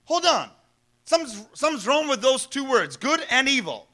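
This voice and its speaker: A man's voice: extremely high pitch, big pitch swings, moderate pace, sharp tone. A man preaching a sermon as a pastor, conversational, asking the congregation rhetorical questions and chuckling now and then.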